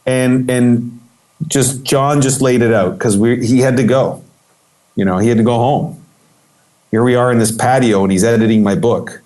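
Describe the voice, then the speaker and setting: Animated male interview guest. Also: mid-range voice, moderate pace. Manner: animated, acts out quoted voices, many restarts. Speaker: guest photographer. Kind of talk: casual storytelling interview.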